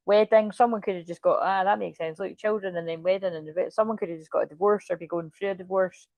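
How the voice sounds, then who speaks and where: A woman's voice: fairly low pitch, steady tone, quick pace, darkish tone, no echo. A woman doing a casual, rambling tarot reading and swearing now and then. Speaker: tarot reader.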